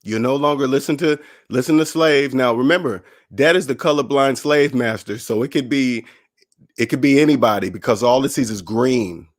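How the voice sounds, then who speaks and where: A man's voice: mid-range voice, moderate pace. A man hosting his own personal finance channel, talking casually and motivationally, acting out other people's voices in his stories. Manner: animated, acts out others' voices in quotes.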